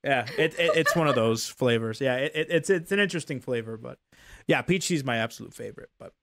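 A man's voice: medium pitch, expressive, fast, background noise. A young man hosting a casual streamed talk show, laughing often and repeating his words.

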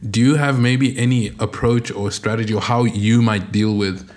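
A man's voice: fairly low pitch, steady tone, moderate pace, darkish tone. A man hosting a podcast, asking long, hedging questions full of fillers in a casual tone. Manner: hedging fillers, frequent backchannel murmurs. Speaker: podcast host.

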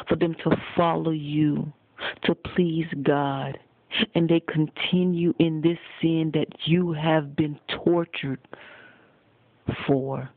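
Slow-preaching man on a tinny phone. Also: fairly high pitch, no echo. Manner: slow, accusing direct address to listeners. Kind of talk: sermon. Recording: tinny phone recording, dry.

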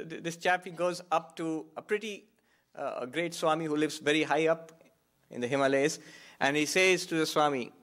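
A monk giving a reflective spiritual talk, repeating key phrases for emphasis. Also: male voice, fairly high pitch, fairly bright tone. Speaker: monk and Vedanta teacher.

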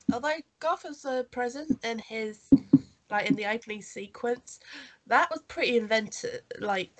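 A woman's voice: fairly high pitch, slow, pauses often, bright, forceful tone. A woman with a cold and a nasal voice, co-hosting a podcast in casual chat, rambling with fillers and coughs. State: has a cold. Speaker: podcast co-host. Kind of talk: casual chat reviewing a holiday special.

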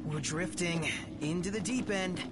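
A man's voice: high-pitched, unhurried, background noise. An actor playing a nervous, wisecracking young male companion in a video game. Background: game music.

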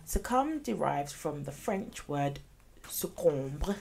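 A woman co-hosting a casual chat show, reading out definitions and adding lively asides. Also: sits low, a little slow, a little hiss or hum. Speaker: podcast co-host.

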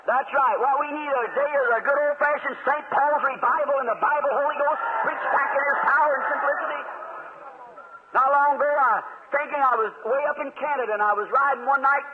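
A man preaching a sermon, telling folksy stories and acting out both sides of conversations with animated energy. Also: very high-pitched, a little fast, heavy background noise. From United States. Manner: animated, folksy storytelling, acts out dialogue, chuckles often. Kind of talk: sermon with storytelling. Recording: tinny lo-fi archival recording.

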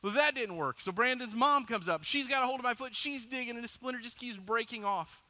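A middle-aged man preaching a sermon as pastor, telling a story in an animated, self-deprecating way. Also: extremely high pitch, brisk.

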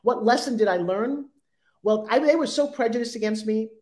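A woman in her fifties with a Long Island accent tells her life story as an interview guest. She is animated and slips into the voices of the people in her stories. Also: fairly high pitch, moderate pace. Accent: Long Island New York.

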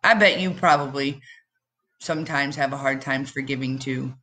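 A woman with a very deep yet fairly bright voice gives the children's message in church. She makes the story expressive through dramatic pauses and questions aimed at the children.

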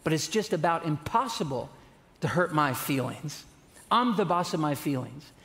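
A man voicing a wise, calm old grandmother who speaks plainly and matter-of-factly. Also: on the high side, normal speed. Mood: calm, firm.

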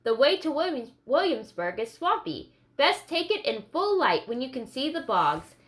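A woman voicing a squat, sunburned ferry boatman in an audiobook reading, making a persuasive pitch. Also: big pitch swings, moderate pace, fairly bright tone.

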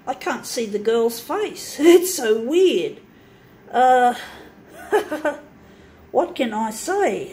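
A woman's voice: fairly high pitch, a little hiss or hum, low-quality recording. Profane, griping Australian woman. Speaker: vlogger. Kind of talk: casual ranting monologue. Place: room with a running copier.

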